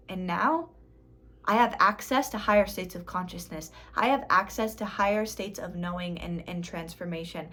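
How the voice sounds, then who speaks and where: A woman in her thirties records a casual motivational vlog as a spiritual life coach. She talks in an emphatic, dramatic way and often laughs at herself. Her voice sits at an ordinary pitch for a woman. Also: a bit bright.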